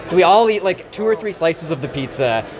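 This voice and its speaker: A man's voice: sits high, lively intonation, a little fast, background noise. A man showing his game at a convention, short on sleep and losing his voice, telling a rambling story full of fillers. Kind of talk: convention floor interview. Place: busy convention hall. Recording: loud crowd chatter behind.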